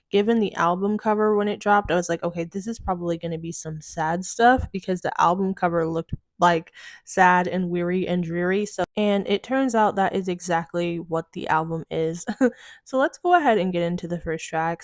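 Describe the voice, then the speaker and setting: A woman's voice: on the low side, dry recording, clean studio sound. A woman with a slight lisp from a retainer, chatting casually through an album review with lots of "like" and "um". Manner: chatty, many fillers like "like" and "um". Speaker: music reviewer.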